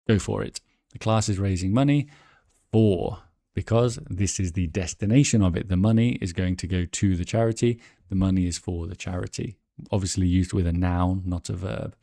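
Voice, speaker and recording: A low, gravelly male voice walks learners through exam answers in a chatty way, thinking aloud and correcting himself. The sound is dry and close. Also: warm tone, no room sound. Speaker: English exam teacher.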